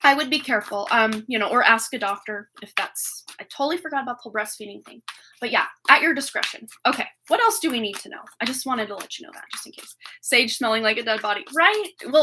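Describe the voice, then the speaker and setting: A woman hosting a live tarot stream, chatting fast and rambling to her viewers with frequent laughs. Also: fairly high pitch, bright, forceful tone, slight background noise. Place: home room with a reading table.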